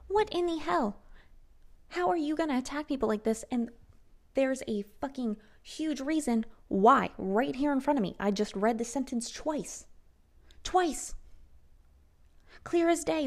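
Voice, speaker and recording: A woman's voice: high-pitched, darkish tone. A woman hosting a solo podcast, talking heatedly and sarcastically and swearing freely. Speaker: podcast host.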